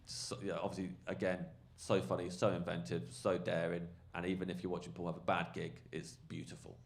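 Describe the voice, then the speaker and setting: A male comedian telling a rambling, animated anecdote on a podcast, full of fillers. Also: low voice, fairly quick, creaky. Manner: rambling, animated storytelling, lots of fillers and swearing. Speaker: comedian guest.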